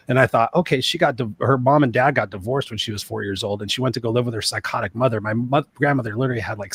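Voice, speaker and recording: Male, 50s, guest coach on a panel. Earnest, quick storyteller, dry close sound. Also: mid-range voice, fairly bright tone, slightly rough, dry recording. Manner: earnest, storytelling, repeats phrases for emphasis. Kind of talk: casual panel discussion.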